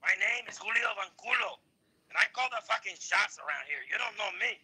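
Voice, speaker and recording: A man's voice: high voice, animated, a little fast, pushed and bright, husky, full character voice. A man voicing a bossy, boastful time traveler man who curses freely. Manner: bossy, cursing.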